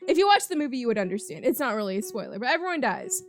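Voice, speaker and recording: Young female gaming host, high voice, giggly and rambling, casual storytelling over gameplay. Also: sing-song, racing. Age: young adult. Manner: giggly, laughs often mid-sentence; chatty, rambling with restarts.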